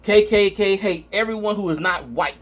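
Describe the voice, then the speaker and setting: High-voiced man ranting angrily. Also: normal speed, fairly bright tone. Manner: angry profane ranting; stumbles over words. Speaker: vlogger. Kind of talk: reacting to online comments.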